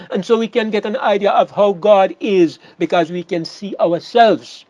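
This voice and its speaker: A man delivers a sermon in a high voice, stressing key words and circling back over his phrases. The sound is dry and a little muffled. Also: normal speed, a little mellow, no echo. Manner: emphatic, repeats words and restarts phrases. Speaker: preacher.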